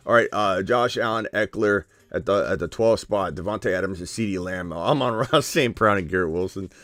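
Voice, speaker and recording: A man hosting a live stream, joking and excitable as he talks through his picks, sometimes dropping to a hushed whisper. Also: low voice, creaky. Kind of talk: casual live-stream commentary.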